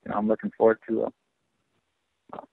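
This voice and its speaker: A fighter answering press questions on a conference call, halting with lots of fillers, heard over a phone line. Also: male voice, fairly low pitch, monotone, creaky, no room sound. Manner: halting, many fillers and restarts, dismissive. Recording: tinny dry phone line.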